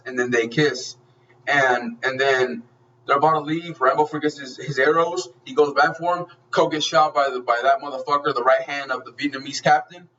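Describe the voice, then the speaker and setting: A man's voice: fairly high pitch, a bit bright, recorded from a distance. Guy rambling thru a film review, swears a lot, super into it, kinda muffled lo-fi sound. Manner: profane, gushing and rambling, full of restarts. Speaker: movie reviewer. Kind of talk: casual spoken film review.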